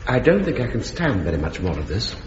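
A well-bred, diffident sergeant in a vintage radio comedy. He drawls politely and hesitates, with a lilting pitch. The recording sounds roomy, dull and hissy. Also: big pitch swings, a little fast. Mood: languid. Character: languid, diffident upper-class male sergeant. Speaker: comedy character. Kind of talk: 1970s radio sitcom acting.

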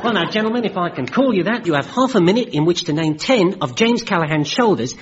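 A man's voice: high-pitched, expressive, noisy background. An actor playing a cheesy male game show host who rattles off pun after pun in chummy showman patter, in a radio comedy sketch. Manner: rapid chain of groan-worthy gags, chummy showman patter. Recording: dull old radio recording with loud studio audience laughter.

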